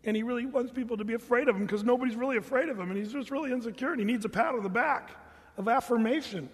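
A man preaching a sermon as pastor, animated and jokey, putting on mock voices to make his points. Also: very high voice, racing, slightly rough, in a large hall.

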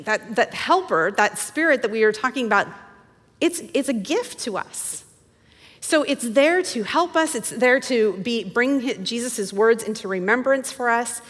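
A woman's voice: fairly high pitch, a bit bright, in a large hall. A woman teaching a women's Bible study in a chatty, enthusiastic way, often correcting herself mid-sentence. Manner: conversational, self-correcting, enthusiastic.

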